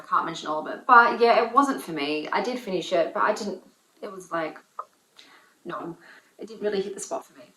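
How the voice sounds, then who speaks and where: A woman reviewing books in a casual vlog, talking in an opinionated, animated way with lots of fillers. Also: lowish voice. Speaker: book reviewer. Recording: roomy echo.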